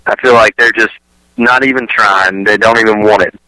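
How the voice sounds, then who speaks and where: Co-host, man, bright tense voice, dry sound, opinionated sports talk. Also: lowish voice, steady tone, moderate pace, smooth, dry recording, poor audio. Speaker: radio co-host.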